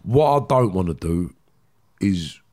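A man's voice: sits low, animated, slow, warm tone. Man, interview guest, intense, repetitive, blunt, swearing. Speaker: guest, former criminal. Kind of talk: emotional interview storytelling.

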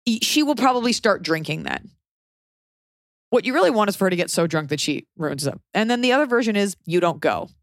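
A woman's voice: sing-song, brisk, no room sound, studio quality. A woman hosting an advice podcast, blunt and sarcastic, acting out quoted people in a casual chat. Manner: blunt, sarcastic, acts out quoted people with big pitch jumps. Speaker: podcast host giving advice.

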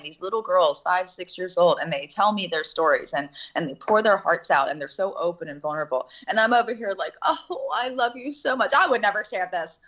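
A woman with a fairly low voice tells a personal story in an earnest, halting way. She stops and restarts often and laughs nervously. The recording sounds slightly muffled and dull. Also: fairly bright tone. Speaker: actress and interview guest.

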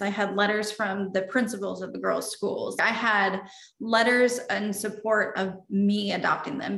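A woman's voice: medium pitch, gravelly, a bit bright. Earnest woman telling her story, roomy sound. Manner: earnest, openly emotional. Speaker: interview guest. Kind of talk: personal storytelling in conversation. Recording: roomy echo.

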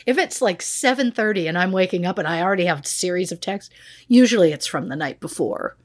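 A woman's voice: on the low side, lively intonation, fairly quick. A woman co-hosting a podcast in casual chat, joking about her own anxieties with frequent laughter. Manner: self-mocking, anxious humor with frequent laughs. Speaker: podcast co-host.

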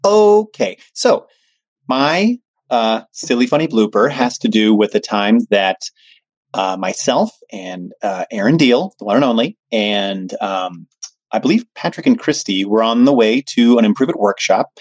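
A man, a workshop facilitator, telling a casual funny story with many filler pauses. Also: fairly low pitch, lively intonation, no room sound. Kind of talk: casual anecdote.

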